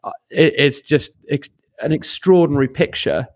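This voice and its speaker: A man's voice: fairly high pitch, lively intonation, normal speed. A young man co-hosting a podcast, stammering and repeating words in casual chat. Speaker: podcast co-host.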